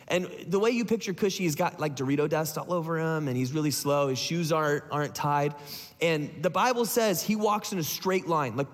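Man preaching, high voice, casual joking storytelling, long hall reverb. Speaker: pastor. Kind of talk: sermon.

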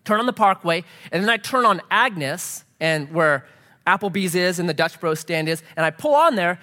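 A man's voice: sits high, big-room sound. A middle-aged man, a pastor, preaching a sermon and telling a story, acting out the voices of the people in it. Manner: animated, acts out quoted voices.

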